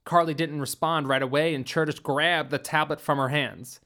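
A man narrating a science fiction story in a steady, deliberate reading voice. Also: a little high.

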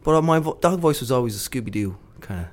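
A man co-hosting a podcast chats casually in a fast, expressive, mid-range voice. He swears freely and laughs a lot.

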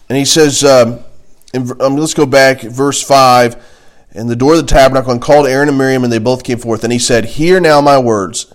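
Male Bible teacher, mid pitch, chatty classroom delivery with asides. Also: moderate pace. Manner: conversational, reads scripture aloud with asides and jokes.

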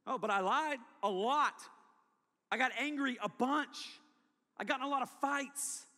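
A man preaching a testimony sermon, telling his story with animated delivery. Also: very high voice, measured pace. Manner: animated storytelling, acting out past self. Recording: long hall reverb.

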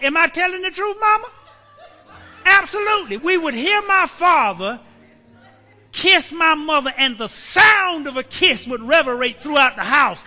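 A high-pitched, animated preaching man. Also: in a large hall. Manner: preaching, swinging from hushed whispers to shouts. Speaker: pastor. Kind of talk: sermon. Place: church.

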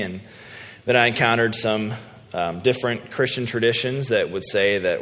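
A man preaching a sermon in a relaxed, conversational, self-deprecating storytelling way. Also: mid-range voice, normal speed, slight background noise. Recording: long hall reverb.

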